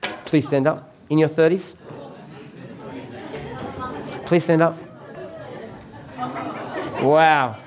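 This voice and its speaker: A man's voice: fairly high pitch, fairly even intonation, slow, crowd noise, noisy background. A man preaching a sermon as pastor, conversational and joking with the congregation.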